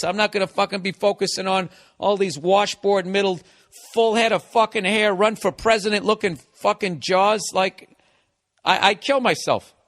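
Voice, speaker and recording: A man's voice: sits high, a bit bright. A man hosting a podcast, giving blunt advice in a casual rant full of swearing. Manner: blunt, swears constantly, riffs.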